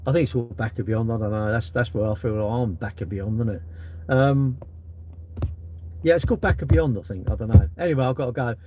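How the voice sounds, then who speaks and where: A man's voice: mid-range voice, brisk, faint music behind. A middle-aged man, rambling and swearing freely in casual live-stream chat. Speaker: livestreamer. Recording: dull, lo-fi live-stream audio.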